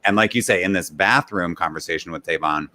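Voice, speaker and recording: Deep-voiced man co-host, casual. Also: brisk. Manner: relaxed, lots of "like", acts out quotes. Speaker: podcast co-host. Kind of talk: casual chat.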